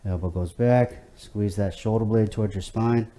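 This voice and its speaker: A man's voice: fairly low pitch, steady tone, moderate pace, warm tone. A man leading a home workout class, talking in an easygoing, chatty way with many fillers and restarts. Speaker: fitness instructor. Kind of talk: guided workout instruction.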